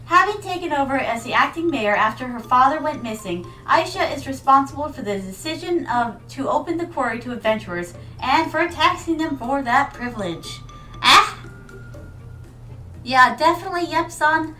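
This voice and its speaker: A woman's voice: high voice, animated, moderate pace, sharp tone, far from the mic, poor audio. An American woman streaming a game, chatting playfully and rambling to her viewers. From United States. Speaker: VTuber streamer. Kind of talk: casual game stream chat. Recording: mic set back, music behind.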